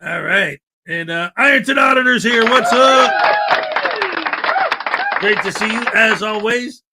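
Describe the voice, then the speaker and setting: A man's voice: sits high, a little slow, over a noisy crowd, heavy background noise. A man hosting a morning livestream, greeting viewers by name in a chatty, upbeat way. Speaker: livestream host. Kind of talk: casual livestream chat.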